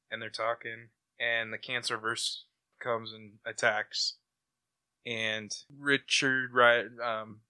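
A man animatedly recapping a comic on a casual podcast, jumping into characters' lines as he goes. His voice is very bright and forceful. The recording is dry, with no room sound. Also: on the low side, no room sound. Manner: animated retelling, acts out quotes, laughs often. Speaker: comic book podcast panelist. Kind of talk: casual review chat.

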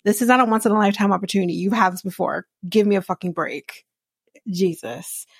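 A woman's voice: medium pitch, steady tone, racing, vocal fry, husky, no echo. A woman podcast host giving a casual, blunt and sarcastic recap of a reality show, swearing freely. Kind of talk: casual commentary.

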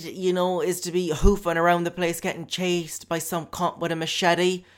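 With a high, level voice at normal speed and hardly any pauses, a young Irish podcast host with a Cork accent runs through a comedic monologue. He rambles, cracks jokes, curses, and fills gaps with lots of fillers.

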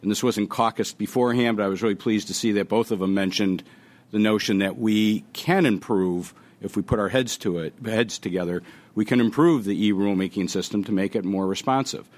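A man giving a conference panel talk, animated and joking as he tells a story. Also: fairly low pitch, a little fast. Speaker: panel speaker.

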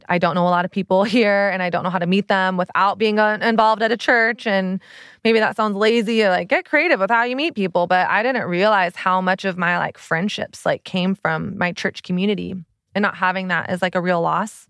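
Speaking at a fairly quick clip, a woman in her thirties with a mid-range, fairly bright, clean voice and fairly even intonation talks confessionally. She's a podcast host and relationship coach, earnest and open, leaning on many "like" fillers. The sound is dry and studio quality.

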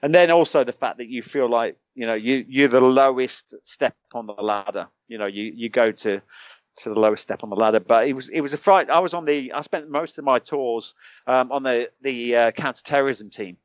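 British man telling lively war stories. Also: medium pitch, brisk, no room sound, dull audio. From United Kingdom. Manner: animated anecdotes, chuckles often, many restarts. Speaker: podcast guest, former special forces soldier. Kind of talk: casual storytelling.

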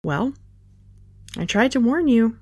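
A woman's voice: on the high side, expressive, takes it slowly, a little mellow, slightly rough, no echo, voice pushed up, full character voice. A woman reading a dry, teasing young man. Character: young adult man, dry, joking, easygoing.

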